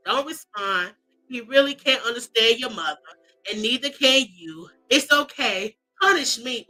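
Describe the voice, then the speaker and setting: A woman's voice: on the high side, measured pace, faint music behind, rough recording. A woman hosting a gossip commentary show, reading celebrity posts aloud and reacting with sass, mock cries and drawled asides. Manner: animated, sassy, mock-crying, drawling asides. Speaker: commentary host.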